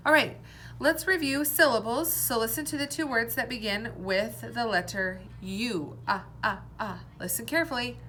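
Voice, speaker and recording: A woman teacher giving a recorded phonics lesson for young children, sounding out words slowly and clearly, letter by letter. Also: fairly high pitch, sharp tone, slight background noise.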